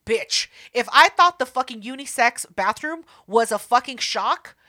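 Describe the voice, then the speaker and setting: A young woman telling a story in casual chat, animated and profane, acting out voices. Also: a little high, moderate pace.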